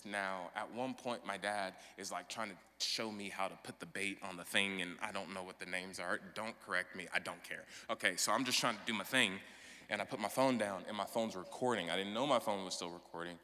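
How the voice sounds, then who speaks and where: A man in his thirties preaching a sermon as pastor, swinging from loud proclamation to soft, personal confession. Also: lowish voice, brisk. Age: 30s. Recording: long hall reverb.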